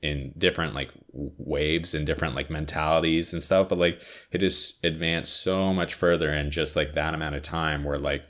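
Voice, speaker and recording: A man with an extremely deep, low voice rambles casually about his favorite TV shows. He sounds tired and a little sniffly, piling on filler words and swearing freely as he goes off on tangents. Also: steady tone, moderate pace, hardly any pauses, fairly bright tone. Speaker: podcaster reviewing TV shows.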